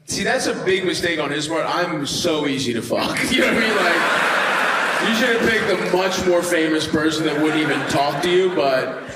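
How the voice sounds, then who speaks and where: A man's voice: fairly high pitch, lively intonation, normal speed. A male stand-up comedian doing crowd work on stage, teasing and bantering with the audience in a brash, profane way. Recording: echoey room with loud crowd noise.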